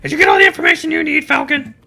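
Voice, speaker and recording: A man's voice: very high voice, very animated, vocal fry, bright, forceful tone, faint music behind, heavily acted. A man voicing a cheeky male sparrow lawyer who teases and cracks puns. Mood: teasing. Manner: jokey, teasing, quick. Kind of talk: let's play character voicing.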